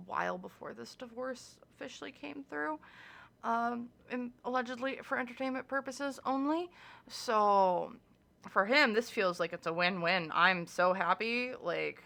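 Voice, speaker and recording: A woman talks through a tarot reading in a casual, chatty way, hedging her opinions and restarting sentences often. Her voice is bright and forceful, with a gravelly fry at the bottom. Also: medium pitch. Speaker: tarot reader.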